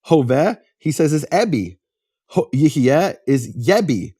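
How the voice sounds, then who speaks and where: Dry-sounding man with a raised pitch. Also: animated, unhurried, warm tone, slightly rough, no echo. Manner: lecturing, poses rhetorical questions then answers them. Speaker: host explaining biblical history. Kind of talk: explanatory talk.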